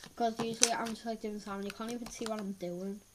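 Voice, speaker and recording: A woman with a cold, sniffling as she reviews slime in a chatty, excitable way at home, often gasping and exclaiming. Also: medium pitch, fast. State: has a head cold, sniffling. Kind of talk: casual unboxing chat. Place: at home, filming on the floor. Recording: loud background noise and clicks.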